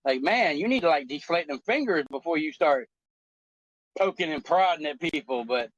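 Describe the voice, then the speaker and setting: A man in his forties on a talk show, telling a story in an animated, profane, joking way. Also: a little high, moderate pace, no room sound, lo-fi sound. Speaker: co-host. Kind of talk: casual chat.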